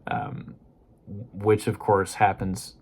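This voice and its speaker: A man's voice: low-pitched, slow, creaky, a little mellow. A man casually talking through a book he read, rambling loosely and hedging often with "you know" and "kind of". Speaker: book discussion host. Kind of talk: casual spoken book review.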